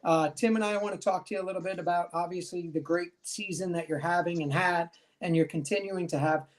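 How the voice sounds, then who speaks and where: A man's voice: high-pitched, fairly even intonation, brisk. A man hosting a talk show in a chatty way, often saying "you know.". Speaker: show host.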